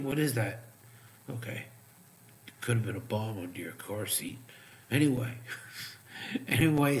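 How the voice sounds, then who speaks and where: A man giving profane, sarcastic live trading commentary, muttering asides as he checks charts, while his voice is going hoarse. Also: mid-range voice. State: losing his voice. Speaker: crypto trading streamer.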